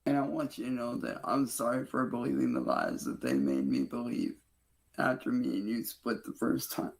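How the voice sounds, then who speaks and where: A man's voice: mid-range voice, very animated, moderate pace, vocal fry. A man recording his own video messages, alternating boastful wrestling-style bravado with teary declarations of love. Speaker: online streamer. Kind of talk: self-recorded video monologue.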